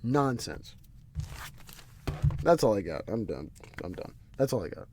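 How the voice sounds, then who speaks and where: A man's voice: fairly low pitch, big pitch swings, a little slow, background noise. A man hosting a solo commentary podcast, ranting heatedly and with profanity, often repeating words and restarting sentences out of frustration. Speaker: podcast host.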